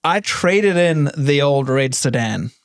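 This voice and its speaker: A man's voice: fairly high pitch, lively intonation, slow pace. A man co-hosting a podcast, chatting casually and telling playful, rambling stories. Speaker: podcast co-host. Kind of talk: casual chat.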